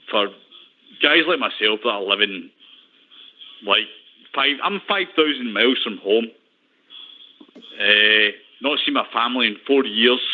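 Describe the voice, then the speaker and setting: Scottish guy phoning in, rambly and chatty, phone-line sound. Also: on the low side. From Scotland. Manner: chatty, repeats himself, laughs easily. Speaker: caller. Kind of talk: phone-in chat.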